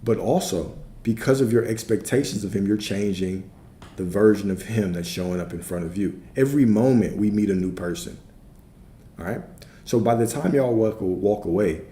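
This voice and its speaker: This spiritual coach streams a teaching session, answering chat in a relaxed style, saying things more than once and often checking in with "right?". His voice is on the low side and mellow at a normal speed, in a roomy recording with faint background noise.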